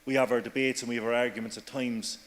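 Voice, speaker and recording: Irish male councillor, measured formal address, monotone, reverberant hall. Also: mid-range voice. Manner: even, measured delivery with Irish phrases. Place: council chamber.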